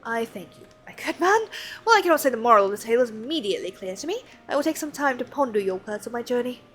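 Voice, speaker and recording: A woman plays a dutiful young nobleman from a fantasy game who speaks with a French accent. His speech is formal and old-fashioned, in a fairly high voice. Soft music plays behind him. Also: animated, quick pace, rough recording. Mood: courteous. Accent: attempted French.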